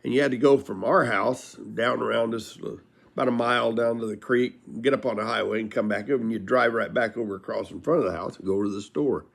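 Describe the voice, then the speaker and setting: A man's voice: medium pitch, fast talker, gravelly. An older man telling folksy stories from his life in a casual, rambling way, laughing as he goes. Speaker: storyteller. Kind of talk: casual storytelling.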